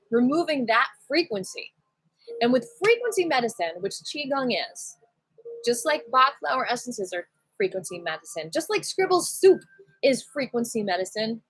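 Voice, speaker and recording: A woman with a high, airy, breathy voice leads a home qigong class, bubbly and playful one moment and gently guiding the next. The sound is dry and close, with no room echo. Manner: playful, giddy, breaks into sing-song cat voices. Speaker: qigong teacher. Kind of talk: casual livestream class guidance.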